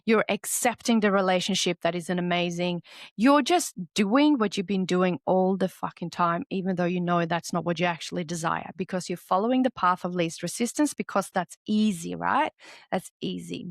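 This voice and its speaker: A woman's voice: on the low side, normal speed, dry recording, studio quality. A woman hosting a solo motivational podcast, talking candidly and animatedly and swearing freely. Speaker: podcast host.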